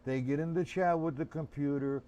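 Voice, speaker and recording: A man's voice: fairly high pitch, fairly even intonation, moderate pace, dark tone, muffled recording. An older man teaching a live-streamed drum lesson, chatty and instructive, calling on viewers by name, with drumming behind him.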